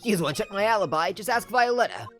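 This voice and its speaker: A woman's voice: medium pitch, lively intonation, quick pace, soft background music, voice pushed up, lightly acted. A woman voicing a hot-tempered male loan-shark boss, using a bad Brooklyn accent and barking threats. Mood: menacing. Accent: Brooklyn, put on badly. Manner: gruff, shouting threats.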